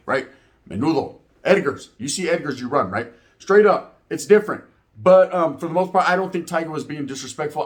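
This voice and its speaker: This man in his forties, a reaction video host, speaks a little fast with a higher voice and lively intonation. He tells a story and voices opinions in easygoing, profane street slang, frequently finishing lines with "right?"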